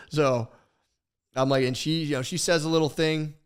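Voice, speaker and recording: A young man co-hosting a podcast, telling a story in a rambling, profane, animated way, full of restarts. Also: mid-range voice, fairly quick, smooth. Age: young adult. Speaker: podcast co-host. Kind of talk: casual podcast chat.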